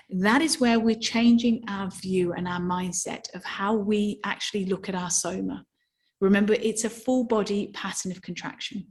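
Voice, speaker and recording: A woman at a mid pitch, teaching somatic movement to a workshop group. She explains in an animated way, often turning to rhetorical questions. Now and then she acts out a yawn or a sigh to show what she means.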